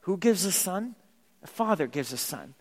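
A man's voice: high-pitched, moderate pace, breathy edge. Man preaching in an echoing church. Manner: animated, emphatic preaching with repetition. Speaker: pastor. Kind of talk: sermon. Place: church sanctuary. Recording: long reverb of a church hall.

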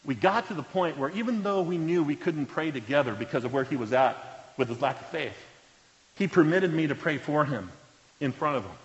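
A pastor preaches in earnest, telling stories to his congregation and letting his voice fall to a near hush at solemn moments. His words ring out with a long reverb through a large church hall. The recording is muffled and lo-fi. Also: fairly high pitch, lively intonation, fairly quick. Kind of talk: sermon storytelling. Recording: reverberant hall, dull lo-fi sound.

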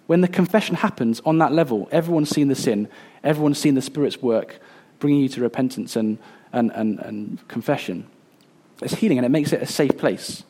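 Earnest male pastor with a mellow voice. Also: mid-range voice. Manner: earnest, halting with fillers and restarts. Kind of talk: sermon.

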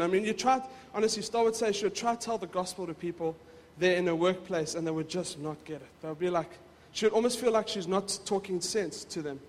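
A man's voice: sits high, fairly even intonation, a little fast, hardly any pauses, slight background noise. A male pastor preaching in a casual, conversational way, often repeating words as he goes. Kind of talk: casual sermon. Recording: reverberant hall.

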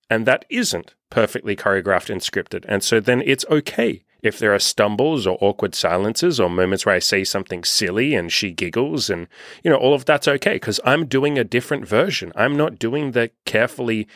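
A young man gives dating advice in a loose, unscripted podcast monologue, cursing freely and acting out the voices of people he quotes. His lowish voice has a fairly bright tone, with clean studio sound and no echo.

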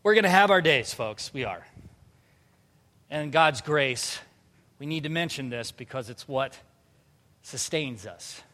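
A man in his thirties preaching a sermon, animated, moving from loud emphatic bursts to quiet earnest passages. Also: medium pitch, measured pace, long pauses, in a large hall. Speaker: pastor.

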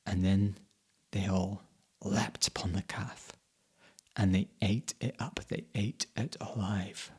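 A man telling a folk tale in the first person, dramatic, dropping to whispers and rising to sudden loud bursts. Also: fairly low pitch, steady tone, takes it slowly, husky. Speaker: storyteller.

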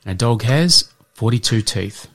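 A man hosting an educational podcast, reading out answers in a measured way and slipping in dad jokes. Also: mid-range voice, animated, fairly bright tone, a little hiss or hum. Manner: measured, spells things out, slips in dad jokes. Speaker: podcast host.

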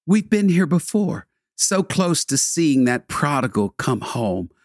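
A man delivering a devotional sermon, preaching in rhythmic, building repetitions with dramatic pauses. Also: a little high, big pitch swings, a little mellow, no echo, studio quality.

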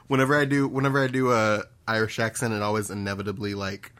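Joking man with a lowish voice. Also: level tone, fast talker, a bit bright, clear, resonant tone. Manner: joking, crude, playful. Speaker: podcast co-host. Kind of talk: casual podcast chat.

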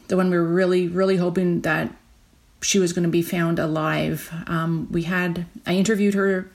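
Gravelly-voiced woman hosting a podcast. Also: lowish voice, level tone, darkish tone. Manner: halting, with many fillers and restarts. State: close to tears. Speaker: podcast host. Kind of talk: emotional podcast update.

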